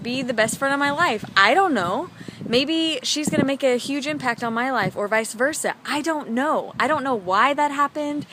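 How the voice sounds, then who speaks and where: A woman vlogger telling a personal story in a chatty, animated way, full of "like" fillers. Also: high voice, noisy background.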